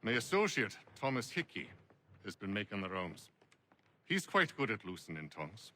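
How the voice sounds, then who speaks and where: A measured, courteous gentleman from a video game. The voice is lowish and bright, with a faint hiss behind it. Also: very animated.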